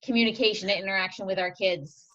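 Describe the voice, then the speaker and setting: A woman co-host adding quick points in a webinar. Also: medium pitch, fairly even intonation, a bit bright. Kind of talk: conversational webinar comment. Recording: distant, dull lo-fi call audio.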